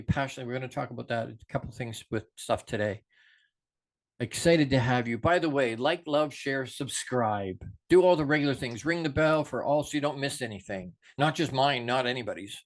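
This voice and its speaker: In a mid-range voice, a middle-aged show host gives a passionate, unscripted motivational speech, shifting between gentle reflection and forceful urging.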